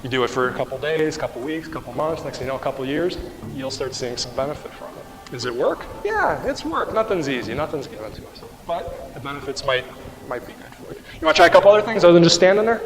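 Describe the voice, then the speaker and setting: Speaking fast and with animation, a man with a mid-range voice instructs a qigong and mobility rehab class, patiently walking participants through each exercise and asking them questions. The tiled rehab room gives his voice a big-room sound.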